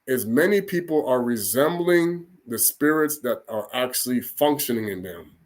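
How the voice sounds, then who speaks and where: A man's voice: medium pitch, lively intonation, normal speed. A man giving an informal spoken sermon in a rambling, colloquial way, with frequent restarts and "okay?" checks. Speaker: religious teacher.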